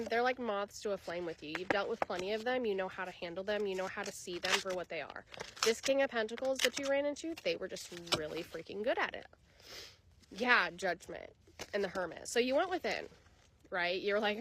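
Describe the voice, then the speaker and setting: A woman talks through a tarot spread for an unseen viewer in a loose, chatty way, cursing without a second thought and breaking into animated asides. Her voice sits in an ordinary middle register. A light hiss of background noise runs under the recording. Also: medium pitch, brisk. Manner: casual, blunt, swears freely; animated, bursts of laughter and acted asides. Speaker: tarot reader. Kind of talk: channeled tarot reading, addressing viewer.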